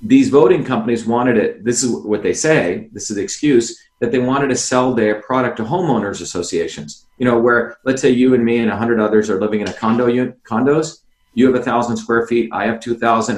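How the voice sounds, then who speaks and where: A man's voice: medium pitch, brisk, reverberant. A man guest on a video call, explaining insistently, asking rhetorical questions and addressing the host by name. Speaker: interview guest, former candidate.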